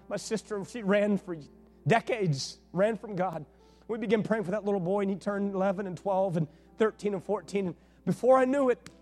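A man preaching as a pastor, telling a personal story in a conversational, animated way and acting out the dialogue. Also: high-pitched. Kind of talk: sermon storytelling.

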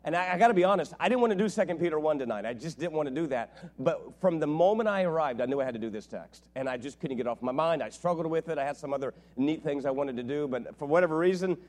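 A middle-aged man preaching as a visiting pastor, telling jokes and family stories in an animated way. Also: a little high, quick pace, hardly any pauses. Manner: joking, animated storytelling. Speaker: guest preacher. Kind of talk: sermon.

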